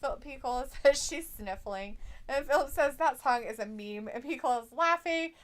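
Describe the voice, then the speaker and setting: A woman's voice: high voice, lively intonation, normal speed. A woman around forty co-hosting a casual live stream, giggling, swearing often and reading viewers' chat messages aloud.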